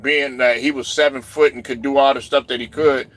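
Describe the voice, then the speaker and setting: A man's voice: medium pitch, fairly even intonation, fairly quick, fairly bright tone, no room sound. Rambling man on casual sports talk. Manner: loose, rambling, lots of fillers and "you know what I'm saying". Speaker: livestream host reading chat.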